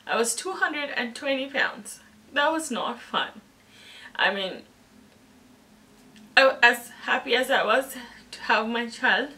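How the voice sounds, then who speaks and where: A young woman talks candidly through a personal storytime, her voice clear and bright, pitched a little high. She pauses and falters when the story turns emotional. The mic sits a bit away from her. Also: distant mic. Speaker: vlogger.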